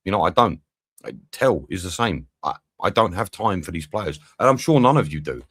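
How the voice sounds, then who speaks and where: A man's voice: low-pitched, expressive, normal speed, fairly bright tone, breathy edge, dry recording, clean studio sound. A man streaming a football watch-along, swearing, venting and chatting with his viewers. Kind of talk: live match commentary and chat.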